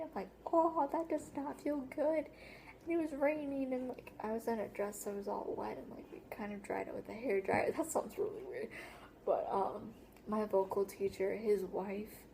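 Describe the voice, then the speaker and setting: A woman's voice: medium pitch, a little hiss or hum. A teenage girl chatting through a casual storytime vlog, rambling with lots of "like" and restarts. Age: teens. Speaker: vlogger.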